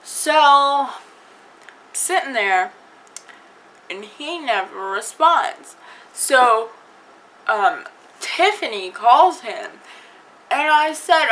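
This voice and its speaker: A woman talks straight to her viewers in a casual storytime vlog. She speaks slowly, with a bright, fairly high voice. She fills the story with fillers and acted-out bits of dialogue. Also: expressive, poor audio. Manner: chatty, lots of fillers, acts out quoted dialogue. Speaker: vlogger.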